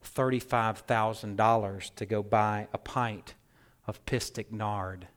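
A man's voice: on the low side, steady tone, takes it slowly, pitched below the performer's own voice. A man voicing a hopeful, extravagant biblical woman who speaks tentatively in a sermon retelling.

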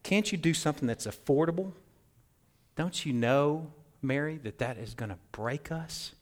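A man's voice: a little high, normal speed, natural voice. A man voicing a careful, exasperated biblical woman scolding her sister in a sermon retelling.

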